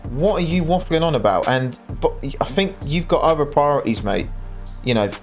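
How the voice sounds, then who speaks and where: A man's voice: fairly high pitch, lively intonation, moderate pace, soft background music. A man hosting a reaction channel, talking over clips in an exasperated, mocking tone.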